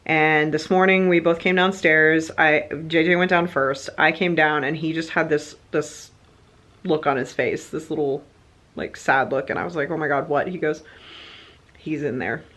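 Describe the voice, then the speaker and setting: A woman vlogger telling a personal story in a chatty, animated way, full of fillers and quoted back-and-forth. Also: low-pitched, normal speed. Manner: chatty, animated, lots of fillers like "like" and "you know". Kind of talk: casual storytelling vlog.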